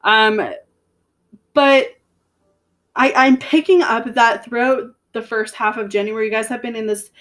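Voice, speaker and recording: A woman with a slightly hoarse voice giving a chatty, encouraging tarot reading to her viewers, repeating phrases for emphasis. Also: a little high, measured pace, pauses often, fairly bright tone. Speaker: tarot reader. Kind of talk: casual tarot reading to camera.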